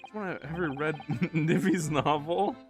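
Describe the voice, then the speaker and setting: A man's voice: fairly high pitch, moderate pace, over music. A man streaming a game with jokey, laughing asides between reading lines. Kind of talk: casual gaming commentary.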